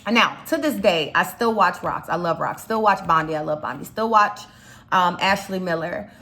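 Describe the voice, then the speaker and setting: A woman's voice: on the low side, moderate pace, sharp tone. A young woman from Chicago with a slight Chicago accent, talking casually in a rambling commentary vlog, full of fillers and asides. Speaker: YouTube commentator.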